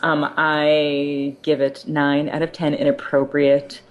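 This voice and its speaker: A woman's voice: deep voice, monotone, slow, muffled recording. A tired woman panelist on a podcast, giggling and stumbling over her words.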